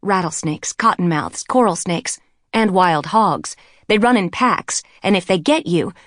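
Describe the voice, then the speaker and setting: A woman narrator voicing a tall, commanding young woman who speaks brisk and emphatic. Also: fairly low pitch, lively intonation, a bit bright, dry recording, clean studio sound.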